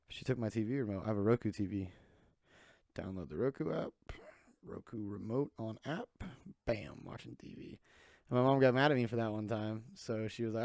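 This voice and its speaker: A young man with a fairly low, brisk voice, vocal fry, and a slightly mellow tone hosts a solo podcast in clean studio sound with no echo. He rambles loosely and casually, packing his chat with "like" fillers.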